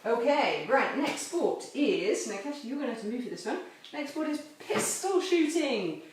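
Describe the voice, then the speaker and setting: Speaking at a normal speed, this woman has a slightly high voice with big swings in pitch. She's a cheerful chapel children's assembly leader, playful and explaining each step of a kids' lesson in a home video shot indoors and out on a garden course. The camera mic, held at a distance by a helper, picks up echo and faint noise.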